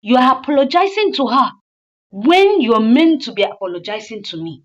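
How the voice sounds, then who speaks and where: Furious betrayed wife, shrill and scolding, put on by a woman; dull lo-fi recording. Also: sing-song, unhurried. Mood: scornful. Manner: shrill scolding, high and loud. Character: furious betrayed wife confronting her cheating husband.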